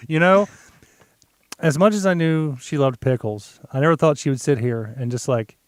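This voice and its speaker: A man's voice: fairly high pitch, measured pace. A man hosting a casual podcast, joking around and asking lots of questions with plenty of fillers. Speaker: podcast host.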